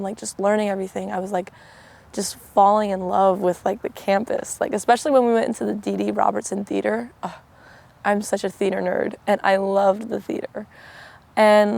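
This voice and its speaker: A woman's voice: medium pitch, vocal fry, a little mellow. A young woman sharing a personal faith testimony, chatty and full of "like", acting out the conversations she recounts. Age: young adult. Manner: chatty, peppered with "like", acts out quoted exchanges. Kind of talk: personal testimony, casual storytelling.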